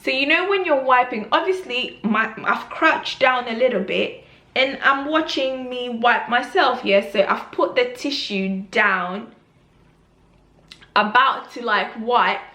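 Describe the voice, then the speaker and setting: Animated woman telling a story. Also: fairly high pitch, slow pace, reverberant. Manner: animated storytelling with loud gasping reenactments. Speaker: vlogger. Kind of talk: storytime vlog.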